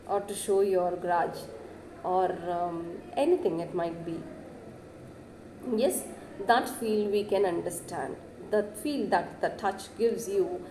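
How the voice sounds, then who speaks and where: A woman giving a classroom lecture, who keeps saying "yes" and pushes her pitch up to stress words. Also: warm tone, echoey room, a little hiss or hum, poor audio.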